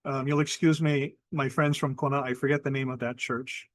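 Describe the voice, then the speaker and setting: A man's voice: medium pitch, normal speed, no room sound. Hawaiian man telling a ghost story. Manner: animated, acts out quoted voices, mixes in Hawaiian words. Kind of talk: oral storytelling.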